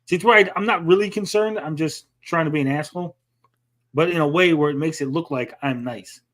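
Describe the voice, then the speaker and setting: High-pitched male co-host, profane mocking stream banter, habitual "bud" tag. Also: a little fast, a bit bright. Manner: mocking, profane, keeps tagging lines with "bud". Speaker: livestream co-host. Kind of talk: crude casual banter on a stream.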